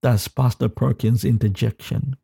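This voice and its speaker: A male pastor preaching a sermon, reading scripture aloud in a deliberate, measured way and repeating key phrases for emphasis. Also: mid-range voice, steady tone, vocal fry, dark tone, slightly rough, no echo, studio quality.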